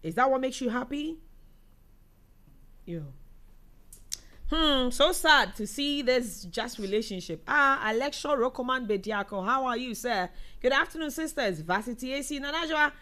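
A young woman with a Ghanaian accent hosts a casual live show, reading viewer comments aloud in a chatty, animated manner. She laughs often, and her voice is high-pitched at a normal speed.

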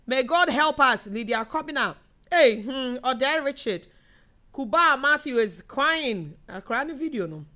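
A woman's voice: high voice, unhurried. Chatty Ghanaian woman hosting live. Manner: chatty, animated, laughs often, mixes in local words. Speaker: live show host reading viewer comments. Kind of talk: casual live commentary.

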